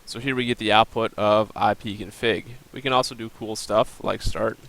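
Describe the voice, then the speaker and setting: Young male student presenter, lowish creaky voice, plain explanatory delivery for a recorded screen demo. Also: steady tone, moderate pace, a bit bright, low-quality recording. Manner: plain explanatory, walks through steps with um and uh.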